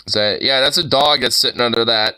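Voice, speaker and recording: A man's voice: mid-range voice, moderate pace, bright, forceful tone, clean tone. A young man casually reacting to videos, rambling, laughing and swearing freely as he watches.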